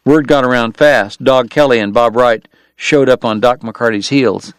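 A man narrating a western novel in a measured, even storytelling manner. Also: mid-range voice, smooth, no room sound. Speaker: audiobook narrator. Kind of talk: scripted narration.

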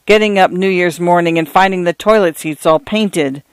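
A man's voice: high voice, normal speed, smooth, no room sound, lightly acted. A man voicing a weary, dry-spoken parish priest of fifty-nine in a read-aloud story. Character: weary 59-year-old male parish priest, dry and glum.

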